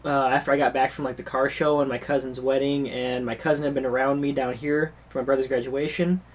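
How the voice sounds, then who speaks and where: A man's voice: medium pitch, little pitch movement, fast talker, a little hiss or hum. A young man co-hosting a podcast, chatting casually and cracking dry, teasing quips. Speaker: podcast co-host. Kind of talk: casual chat.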